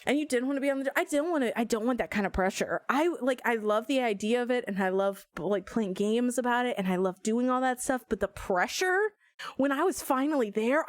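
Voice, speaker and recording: A young adult woman streamer telling a story in a casual, animated way while playing a game. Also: fairly high pitch, brisk, no echo. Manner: animated, swearing, laughing storyteller.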